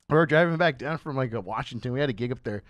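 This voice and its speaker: A man's voice: mid-range voice, quick pace, fairly bright tone, no room sound. A young man co-hosting a podcast, chatting casually, laughing often and slipping into mock accents. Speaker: podcast co-host. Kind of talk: casual chat.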